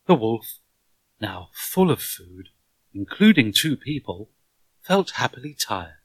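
Slow, expressive male storyteller. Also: medium pitch, no room sound, poor audio. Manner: expressive, dramatic. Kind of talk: storybook reading.

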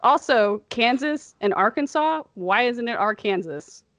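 A woman's voice: fairly low pitch, dry recording. A young woman with a slightly nasal Chicago accent, co-hosting a podcast in casual, rambling chat. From American Midwest. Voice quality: somewhat nasal. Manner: rambling, laughs often, quick asides. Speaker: podcast co-host.

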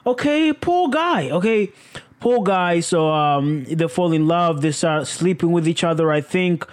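Casual show recap, profane, exclamatory, animated, sudden high pitch leaps. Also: a little slow, clear, resonant tone.

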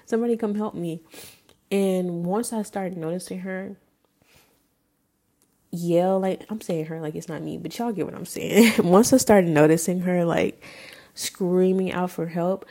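A young woman in her twenties tells her own story as a podcast host, with a low, mellow voice. She speaks candidly and emotionally, with casual swearing. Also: fairly even intonation, moderate pace. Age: 20s. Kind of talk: personal storytelling monologue.

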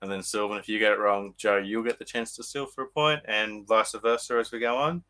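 Australian male podcast host, upbeat, bright tone; good for a game-show quizmaster. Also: on the low side, fairly even intonation, brisk. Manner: upbeat, leads the talk and explains rules. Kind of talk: casual podcast chat, quiz hosting.

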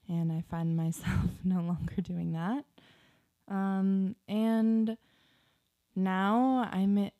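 Young woman podcast co-host, unhurried and grounded, pausing often, fairly low warm voice. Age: young adult. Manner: slow, grounded, pausing with many fillers. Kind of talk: casual chat.

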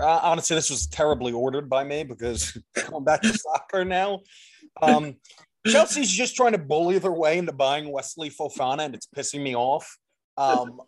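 Ranting, sarcastic podcast host. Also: medium pitch. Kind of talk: casual chat.

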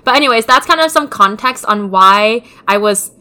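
Bright, animated young woman telling a story. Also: on the high side, moderate pace, clean tone. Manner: animated storytelling, acts out quoted voices. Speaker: podcast co-host. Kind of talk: casual chat.

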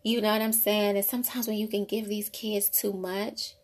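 A woman's voice: mid-range voice, level tone, normal speed. Chatty mother musing on parenting. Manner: conversational, rambling, frequent "you know". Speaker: mother sharing parenting thoughts. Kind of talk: casual faith-based monologue.

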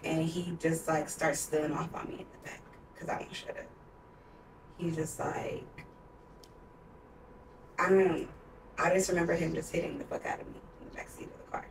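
A young woman in her twenties speaks with a fairly low pitch, a little hiss or hum audible. Co-hosting a podcast, she tells a personal story in an open, emotional manner and says "like" heavily. The audio is roomy and she's distant from the microphone.

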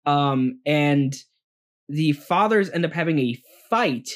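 A man's voice: a little high, expressive, slow pace. Rambling, upbeat male podcast co-host. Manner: rambling, laughs often, many fillers. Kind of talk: casual movie-review chat.

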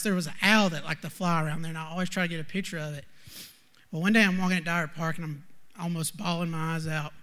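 A man's voice: on the high side, fairly bright tone. Earnest young man with a raised voice. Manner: earnest, halting, heavy on "like". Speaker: student sharing a testimony. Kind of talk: personal testimony.

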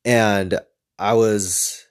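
A young man casually telling personal stories in a rambling, profane way, getting animated as he retells them. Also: on the low side, extremely slow, clear, resonant tone. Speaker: speaker sharing personal stories. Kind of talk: casual storytelling monologue.

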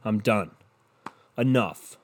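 A man's voice: on the low side, slow. A man host delivering a profane, exasperated ranting monologue, repeating his points for emphasis and throwing crude insults.

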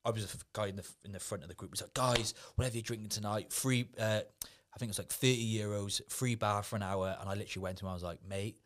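Man, lowish voice, casual podcast guest, swears a lot, rambling stories. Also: fairly even intonation, very fast, hardly any pauses. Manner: laid-back, swearing, laughing anecdotes. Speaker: guest, former Ibiza events worker. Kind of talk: casual podcast chat, storytelling.

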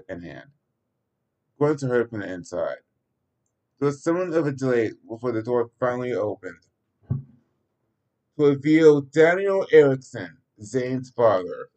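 A man's voice: mid-range voice, darkish tone, low-quality recording. A man narrating a story aloud in a homemade reading, stumbling and restarting now and then. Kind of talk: amateur read-aloud narration.

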